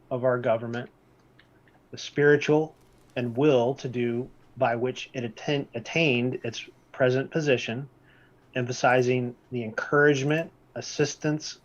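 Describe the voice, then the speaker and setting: A man walks through a document section by section at a measured, deliberate pace. He slows down to repeat his key points for emphasis. The audio is slightly dull and lo-fi. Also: mid-range voice. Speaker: presenter. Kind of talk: reading-based presentation.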